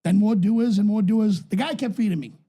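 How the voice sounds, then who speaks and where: He's a podcast co-host and youth football coach from New England, in his thirties, spinning long, cursing-filled yarns in casual talk; his voice seems pitched higher than his size implies. He speaks fast, with a dark, slightly rough tone.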